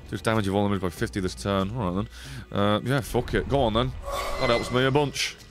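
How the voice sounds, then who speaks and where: A man's voice: fairly low pitch, fast. A man gives sweary, casual commentary while streaming a card game and chatting to viewers. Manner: sweary, animated, talks to chat. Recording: faint music behind.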